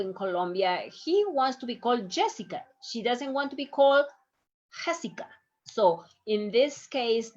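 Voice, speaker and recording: A woman's voice: mid-range voice, darkish tone. A woman teaching medical Spanish, speaking unhurriedly and repeating each syllable so learners can follow. Her English phrasing is slightly nonstandard, and the recording sounds dull and lo-fi. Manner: drills syllables by careful repetition. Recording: dull lo-fi audio.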